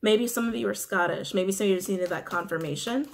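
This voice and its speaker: A woman's voice: medium pitch, quick pace, gravelly, slight background noise. A woman giving a casual tarot reading, musing aloud and repeating her phrases. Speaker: tarot reader.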